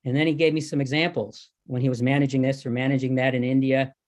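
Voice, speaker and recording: Older man telling a lively anecdote. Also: mid-range voice, fast talker. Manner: animated storytelling, acting out quoted exchanges. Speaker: devotee recalling service. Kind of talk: anecdotal talk at a reunion.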